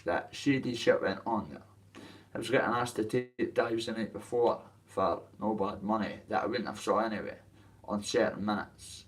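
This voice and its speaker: A man's voice: lowish voice, fairly even intonation, normal speed, recorded from a distance. A man with a Dundee Scottish accent, ranting to camera about his boxing, in a coarse, rambling way with plenty of swearing. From Dundee, Scotland. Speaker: boxer telling his story. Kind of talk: casual rant to camera.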